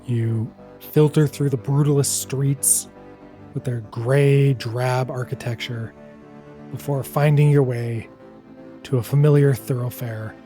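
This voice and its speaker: A man narrating as dungeon master of a tabletop game, describing scenes in a measured way. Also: medium pitch, warm tone.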